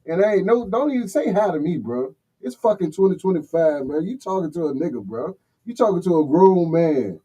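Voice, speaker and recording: High, bright-voiced man ranting casually. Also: animated, fairly quick, slightly rough, lo-fi sound. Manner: heated, blunt, swearing. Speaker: livestream host. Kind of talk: profane casual rant reading comments.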